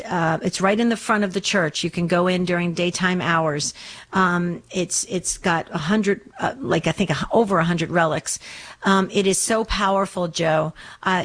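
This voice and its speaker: A woman hosting a faith call-in radio show, talking earnestly and rambling with lots of ums and restarts. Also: fairly low pitch. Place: Arizona studio.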